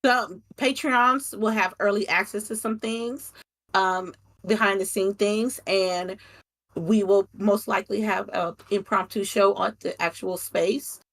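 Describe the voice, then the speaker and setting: A woman guest in a casual interview chat, talking excitedly about meeting up with her gaming friends. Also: medium pitch, measured pace. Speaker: podcast guest, gaming creator.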